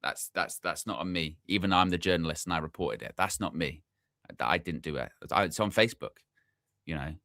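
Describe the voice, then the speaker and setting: A man's voice: sits low, a little fast, pushed and bright, dry recording, clean studio sound. A young man hosting a football channel's live stream, chatting casually, wandering off on tangents and repeating himself as he talks to the chat. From England.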